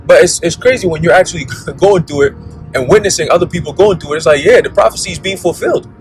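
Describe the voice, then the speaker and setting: A man's voice: on the high side, lively intonation, fast, soft background music, poor audio. A man giving a blunt, profane preaching monologue, constantly checking in with "okay?" and "all right?". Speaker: religious commentator.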